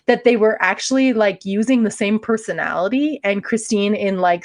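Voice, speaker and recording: A woman co-hosting a podcast, telling a true-crime story in a casual, joking way and laughing often. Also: medium pitch. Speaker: podcast co-host.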